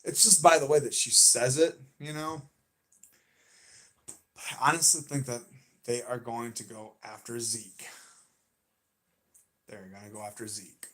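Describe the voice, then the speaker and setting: Southern male streamer, bright and emphatic, casual and excitable. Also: mid-range voice, unhurried, pauses often. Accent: American Southern. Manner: excitable and emphatic, repeats himself, talks back to chat. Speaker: livestream host. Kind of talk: casual fan chat on a livestream.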